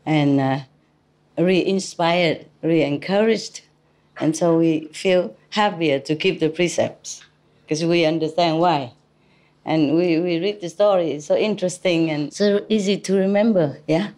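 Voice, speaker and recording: Her voice is lowish with a darkish tone. She's a woman leading a casual spiritual talk before an audience, joking with them and laughing frequently in non-native English.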